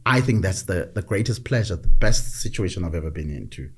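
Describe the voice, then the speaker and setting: A middle-aged man telling stories in a reflective conversation, measured and often repeating words as he gathers his thoughts. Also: deep voice, lively intonation, breathy edge. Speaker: podcast guest.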